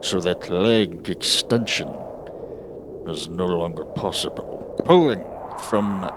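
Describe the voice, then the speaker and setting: A man putting on a mock German accent to play a creepy, very nasal retired male surgeon, talking slowly in a hushed, half-whispered way. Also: sits low, noisy background. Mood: sinister.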